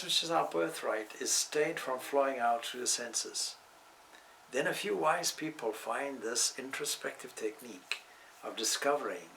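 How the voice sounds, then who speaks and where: A man giving a measured, reflective spiritual talk on scripture, with touches of gentle humor. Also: medium pitch, far from the mic, slight background noise, poor audio. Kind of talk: spiritual discourse.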